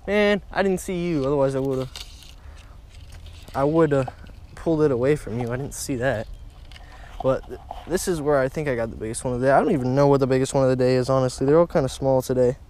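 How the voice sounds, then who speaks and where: A young man narrates his fishing trip to the camera in a casual, excitable way, repeating phrases and calling out to his viewers. His voice sits in an ordinary middle pitch. He is recorded outdoors by a pond with a light hiss of ambient noise behind him. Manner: excitable, repeats himself, keeps saying "guys" and "oh my gosh". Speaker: fishing vlogger. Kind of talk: casual outdoor vlog commentary.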